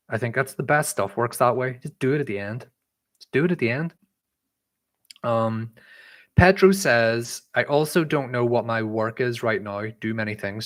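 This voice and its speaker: A young man with a mixed Irish accent hosts a casual live-stream Q&A, chatting loosely and reading viewer questions aloud with lots of "um" and "like". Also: medium pitch. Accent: mixed Irish, shifted by living abroad. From Northern Ireland. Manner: chatty and rambling, many "um" and "like" fillers, reads chat messages aloud. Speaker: livestream host answering viewer questions.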